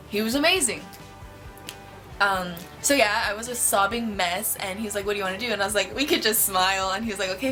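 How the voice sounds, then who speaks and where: A woman vlogger telling a story to camera in an excited, gushing way, with lots of "like". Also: medium pitch.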